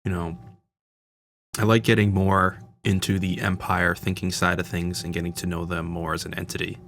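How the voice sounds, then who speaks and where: Deep-voiced man chatting through a film. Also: flat delivery, normal speed, fairly bright tone, a little hiss or hum. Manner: chatty, enthusiastic fan, frequent fillers. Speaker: channel host. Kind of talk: casual film audio commentary.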